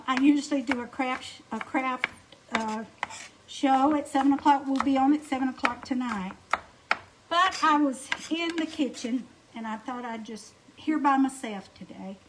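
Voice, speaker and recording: A middle-aged woman with a warm-sounding Alabama drawl talks her viewers through a home-cooked supper, folksy and chatty, calling out hellos by name. Her voice sits high. The kitchen is noisy, with pots and dishes knocking clearly in the background. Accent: Southern US, Alabama. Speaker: home cooking livestream host. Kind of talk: casual cooking livestream chat.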